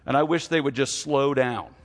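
A man in his forties preaching in a large church hall, with the sound trailing off in a long reverb. He speaks earnestly and confessionally, at a medium pitch, and his voice climbs and drops in pitch and loudness as he goes. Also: normal speed. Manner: earnest, confessional, with lively swings in pitch and volume. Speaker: pastor. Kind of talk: sermon.

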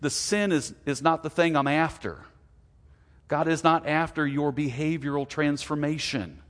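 A man in his forties preaching a sermon as a pastor, earnest and confessional, his pitch and volume rising and falling widely. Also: a bit bright. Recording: long hall reverb.

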